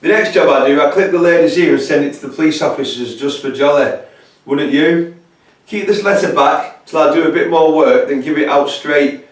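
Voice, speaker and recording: A man's voice: fairly high pitch, moderate pace, lightly acted. A man putting on a taunting Scottish killer. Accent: put-on Scottish. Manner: mocking, taunting. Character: gleeful menacing Victorian male killer writing taunts. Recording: roomy echo from a distant mic.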